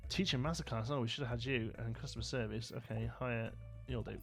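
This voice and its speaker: A man's voice: medium pitch, steady tone, a little fast, vocal fry, faint music behind. A man from Birmingham with a Brummie accent, hosting a live gameplay stream in a casual, chatty way, laughing often and answering viewer comments. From Birmingham, England. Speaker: livestream host.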